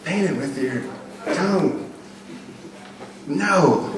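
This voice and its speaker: A crude, animated man speaks at a live seminar, swinging between loud hype and low murmured demonstrations. His voice sits fairly high for a man. He is picked up from a distance in a very echoey hall with faint ambience. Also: normal speed, background noise. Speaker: dating coach speaking at a seminar. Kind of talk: live seminar talk to an audience. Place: event hall.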